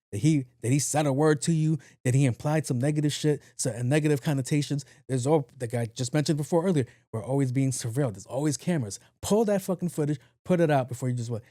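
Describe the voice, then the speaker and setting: A man hosting a podcast in a casual monologue, talking low and evenly, blunt and profane. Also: fast, no echo, studio quality. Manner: low-key, talks in a low even voice. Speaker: podcast host.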